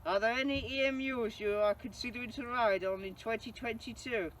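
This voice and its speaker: A young man from England, casually answering viewer questions as a channel host, enthusiastic and quick to laugh. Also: very high voice, steady tone, fairly bright tone. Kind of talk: casual Q&A monologue. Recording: distant mic, faint background noise.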